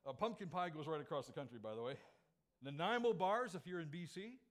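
A man preaching a sermon as pastor, lively and joking, with sudden loud emphatic phrases. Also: fairly high pitch, a little fast.

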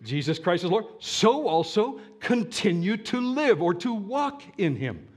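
A man preaching a sermon, often asking his listeners questions and stressing words slowly. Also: sits high, very animated. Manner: asks the audience questions, slow deliberate emphasis. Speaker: pastor.

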